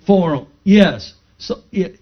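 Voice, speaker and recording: In a dull lo-fi recording, a male preacher whose voice sits high and has lively intonation speaks slowly. Giving his testimony, he recounts a personal story to the congregation, voicing the dialogue himself before building to impassioned praise.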